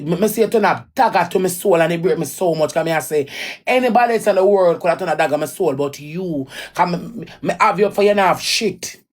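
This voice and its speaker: Emotional Jamaican woman venting her story. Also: on the low side. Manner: raw, emphatic, repeats lines. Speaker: livestreamer. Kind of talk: emotional personal story, ranting.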